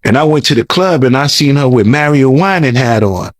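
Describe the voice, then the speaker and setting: A man's voice: mid-range voice, expressive, fairly quick, no room sound. A man telling a long story as an interview guest, rambling, repeating words, and talking in loose slang. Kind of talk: casual storytelling.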